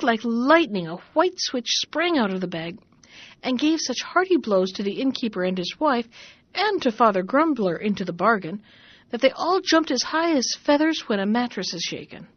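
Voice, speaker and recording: Woman calmly reading a fairy tale. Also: a little high, moderate pace, dry recording. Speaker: storyteller host. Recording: dull lo-fi recording, dry.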